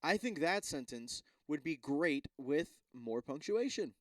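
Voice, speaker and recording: A man's voice: fairly high pitch, lively intonation, a little slow, no echo. A young man hosting a solo podcast, chatting casually and rambling, swearing often and stumbling as he reads text aloud. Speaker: podcast host.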